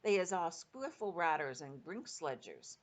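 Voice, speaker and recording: A woman's voice: on the low side, big pitch swings, a little slow. A woman voicing a kindly big friendly male giant who talks in mangled grammar with made-up words.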